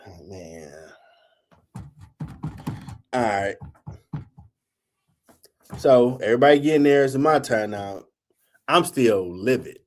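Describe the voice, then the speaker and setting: Animated, profane storytelling man. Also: fairly high pitch, takes it slowly, pauses often. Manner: animated, profane, acts out quotes in raised voice. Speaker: host. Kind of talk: casual storytelling.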